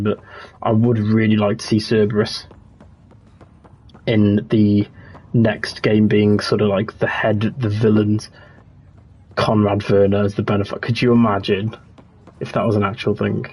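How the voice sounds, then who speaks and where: A young man with a husky, slightly low voice talks casually to his livestream chat while playing a game. He rambles loosely from thought to thought and answers viewers in an easygoing, relaxed way. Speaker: streamer.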